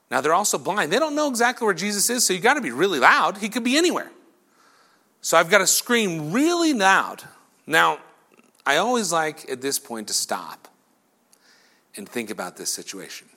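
Lively, bright-voiced male preacher. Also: on the high side. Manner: animated storytelling, acting out crowd voices and whispers. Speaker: pastor. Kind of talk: sermon.

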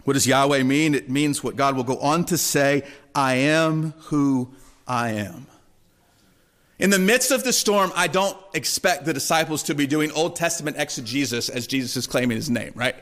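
A man preaching a sermon in a conversational way, often checking in with listeners and softening his voice for quoted words. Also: a little high, a little fast, few pauses. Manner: conversational, asks the congregation "right?" often. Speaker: pastor.

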